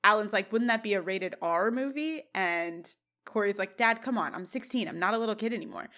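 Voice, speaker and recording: A woman's voice: medium pitch, fairly quick. A woman co-hosting a podcast, casually recapping a TV episode scene by scene and laughing often. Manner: animated scene retelling with laughs. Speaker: podcast co-host.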